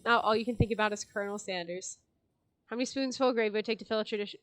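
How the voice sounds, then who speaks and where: Young woman streamer, higher voice, playful and foul-mouthed, reads game text with faint music behind. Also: rapid-fire. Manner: playful, jokey, swears casually. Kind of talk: reading a game aloud with commentary.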